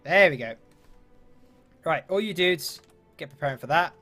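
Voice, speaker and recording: A man's voice: a little high, expressive, moderate pace, sharp tone, faint music behind. A man giving chatty, upbeat let's-play commentary with British slang and mild swearing. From London, England. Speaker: gaming YouTuber.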